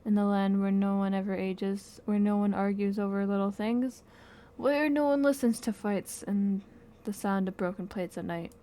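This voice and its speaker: A woman reading a game's story text aloud in an expressive, soft-spoken way. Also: mid-range voice, normal speed, few pauses. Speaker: game playthrough narrator.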